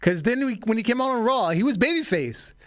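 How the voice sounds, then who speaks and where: A man's voice: extremely high pitch, expressive, a little fast, fairly bright tone, no room sound, clean studio sound. A man co-hosting a wrestling podcast, talking through storylines analytically and steering the chat. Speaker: podcast co-host.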